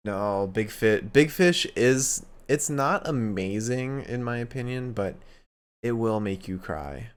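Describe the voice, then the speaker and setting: A man's voice: medium pitch, animated, takes it slowly, clean tone. A man hosting a podcast, chatting casually, swearing now and then, and reading out listener questions. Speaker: podcast host. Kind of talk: casual chat.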